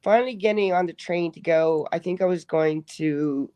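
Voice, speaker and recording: A man's voice: on the high side, moderate pace, mellow, clean tone, no echo. A man telling a self-mocking travel story in a casual chat.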